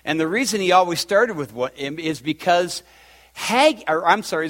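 A man in the pulpit delivers a sermon in a fairly high voice. He builds to loud, fervent peaks and then drops to a soft, emotional hush. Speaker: pastor.

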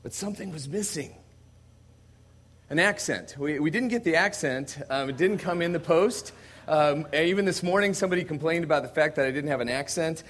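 An American man, a visiting missionary, preaching a sermon to a congregation in a conversational storytelling way, moving from quiet asides to loud emphatic passages. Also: fairly high pitch, brisk. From United States. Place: church service before a congregation.

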